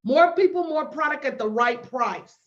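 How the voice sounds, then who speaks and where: A woman business coach hosting a livestream, brash and animated, talking straight to her viewers. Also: sits high, normal speed, lo-fi sound. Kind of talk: livestream promo chat.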